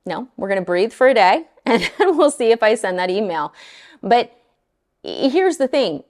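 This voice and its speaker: A middle-aged woman mortgage lender talking casually to her viewers, blunt and animated, often exasperated. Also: fairly high pitch, normal speed.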